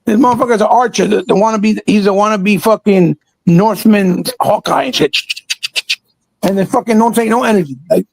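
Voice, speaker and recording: A man's voice: high voice, vocal fry, darkish tone, dry recording, low-quality recording. A man co-hosting a casual gaming chat, ranting and swearing in exasperation. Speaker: podcast co-host.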